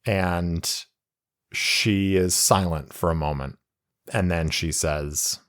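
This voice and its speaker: A man narrating a solo tabletop role-playing game in a relaxed way, thinking aloud and reading rules. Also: low-pitched, slow.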